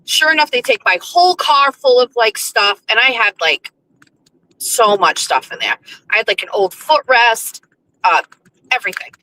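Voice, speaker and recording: A woman's voice: on the high side, expressive, normal speed, bright, forceful tone, low-quality recording. A woman hosting a show, telling a casual story in a chatty, profane way full of fillers. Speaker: radio show host.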